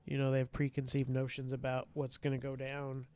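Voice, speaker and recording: A man's voice: mid-range voice, fairly quick, clear, resonant tone, no echo. A man casually telling stories on a podcast, profane and laughing as he acts out past encounters. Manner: profane, laughing, animated retelling. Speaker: podcast guest. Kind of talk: casual storytelling.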